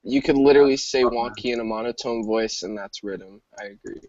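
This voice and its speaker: A man's voice: medium pitch, a little fast, a little mellow, no echo, lo-fi sound. A young adult man in a casual chat, laid-back and teasing. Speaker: show guest.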